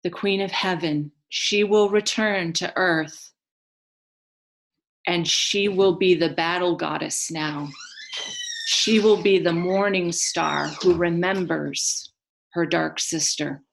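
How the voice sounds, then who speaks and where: A woman voicing tiny animated dirt beings who lament tenderly, in a soft, partly whispered voice as a whispered role-play. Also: on the low side, slow pace, vocal fry, slight background noise. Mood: hopeful.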